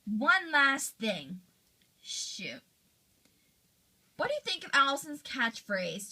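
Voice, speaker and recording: A woman hosting a fan role-play interview, asking brisk, upbeat questions. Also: sits high, sing-song, sharp tone, poor audio.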